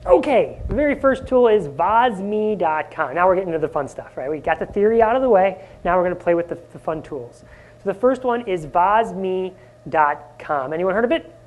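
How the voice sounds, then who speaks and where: A man presenting a live conference workshop, energetic and often asking the audience questions. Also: sits high, moderate pace. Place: conference room.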